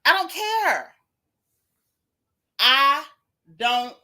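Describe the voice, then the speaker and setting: An exasperated woman rants on a livestream, hammering her points home with repetition. She speaks, with a bright, slightly high voice. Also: animated, moderate pace. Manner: exasperated, emphatic, dramatic repetition. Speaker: podcast host. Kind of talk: casual livestream rant.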